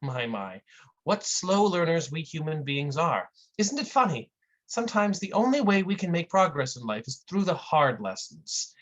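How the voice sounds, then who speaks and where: Smug self-help lecturer, patronizing and unhurried, played by the performer. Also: mid-range voice, very animated, lo-fi sound. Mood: condescending. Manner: slow, condescending, lecturing. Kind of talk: comic performance piece.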